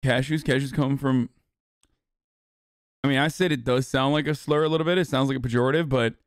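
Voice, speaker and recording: A man hosting a live stream, reacting to clips in a fast, profane, rambling way. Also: mid-range voice, fairly even intonation, no room sound, studio quality. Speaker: streamer host.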